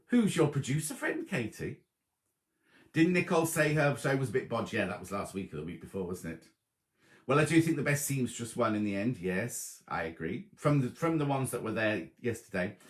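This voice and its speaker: A middle-aged man hosting a casual live stream, reading out viewers' messages and greeting them by name. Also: mid-range voice. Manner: chatty, reads viewer messages aloud, warm greetings. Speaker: host of a live sewing chat stream. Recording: roomy echoey live stream.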